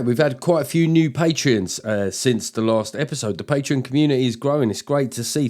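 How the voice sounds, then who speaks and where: A man's voice: mid-range voice, a little mellow. A man hosting his own comedy podcast, talking in a loose, jokey, sweary monologue with lots of asides. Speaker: podcast host.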